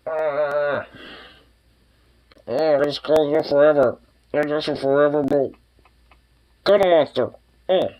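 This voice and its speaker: A young man with a lively, bouncy voice, chatting in a laid-back, rambling way. He often slips into high, cooing baby talk for his dog. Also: lo-fi sound. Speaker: vlogger. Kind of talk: casual chat.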